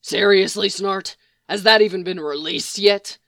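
A woman voicing a gruff, surly grown man, a captive brawler who growls blunt threats in a storybook reading. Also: mid-range voice, measured pace, fairly bright tone, no room sound, studio quality, close to an everyday voice. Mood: exasperated.

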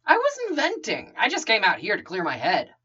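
A woman's voice: mid-range voice, wildly swooping pitch, normal speed, bright, forceful tone, breathy edge, lo-fi sound, full character voice. A woman voicing a tired, sardonic wealthy man with a whiny, wisecracking manner.

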